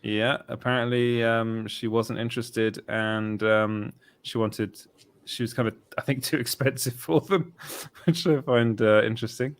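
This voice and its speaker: A man's voice: medium pitch, fairly even intonation, measured pace, clean tone. A young English man hosting a casual talk show, chatty, laughing often and trailing off. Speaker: host. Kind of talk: casual podcast chat.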